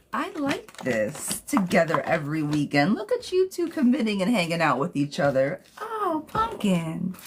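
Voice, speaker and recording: A woman's voice: lowish voice, background noise. A woman giving a live tarot reading, talking bluntly to viewers, swearing freely and calling them sweet pet names. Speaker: tarot reader.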